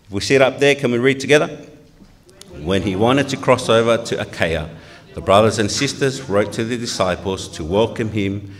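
Male pastor from Tonga, sermon, earnest, rhetorical questions, lowish voice, church. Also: animated, normal speed.

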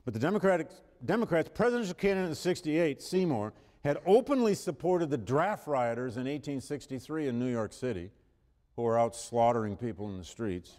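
A man's voice: mid-range voice, expressive, a little fast, a little mellow. A man giving a university history lecture, speaking emphatically, correcting himself as he goes and raising his voice for quoted passages, with an occasional cough. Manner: emphatic, reads quotations with rising force, self-correcting. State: coughing at times. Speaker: history professor. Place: large lecture hall. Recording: reverberant lecture hall.

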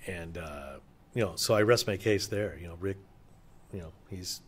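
A man's voice: deep voice, moderate pace, slightly rough. A middle-aged man, a session drummer, telling stories casually in an interview, loose and enthusiastic with plenty of fillers and swearing.

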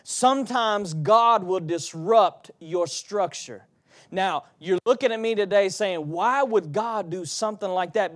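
A man with a high voice preaches slowly, drawing out his lines. He swings from hushed asides to loud, emphatic bursts and calls out to his listeners for a response. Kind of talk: sermon.

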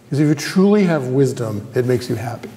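A guest theology professor delivers a conversational university lecture to a live audience in a large hall, frequently putting questions to them. He has a warm, expressive, mid-range voice and a brisk pace.

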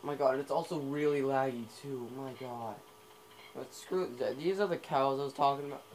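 Playing a video game, a young man with a medium-pitched voice gives casual commentary at a moderate pace. He rambles and is easily sidetracked, leaning on fillers and asides, in a noisy home recording.

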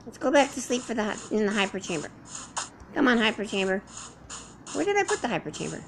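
A woman's voice: fairly high pitch, sing-song, fast, vocal fry, slight background noise, rough recording. A woman doing in-character survival roleplay commentary while playing, rambling to herself and chatting to the animals around her. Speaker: game roleplayer.

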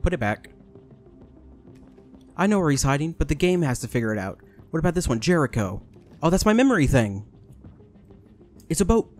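An excitable young man chatting over a video game, his voice a touch high and bouncing all over. He laughs a lot and talks straight at the screen, with faint game music underneath. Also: fairly quick, pauses often. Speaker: gaming YouTuber. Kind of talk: casual let's-play commentary.

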